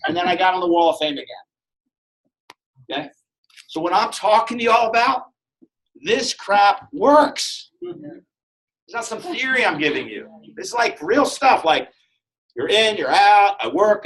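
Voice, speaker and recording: A man with a high, lifted voice delivers a lively motivational sales talk to a room full of people. He jokes constantly and acts out short exchanges between characters. His tone bounces around freely. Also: low-quality recording. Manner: animated, joking, acts out dialogues. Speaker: motivational speaker.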